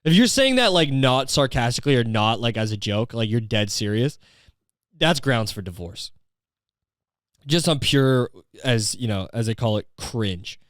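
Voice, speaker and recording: Sarcastic swearing dude riffing on a story, dry close sound, regular voice. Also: male voice, medium pitch, animated, measured pace, dry recording. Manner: profane, sarcastic, rambling, breaks into bits. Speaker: podcast host. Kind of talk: comedic commentary.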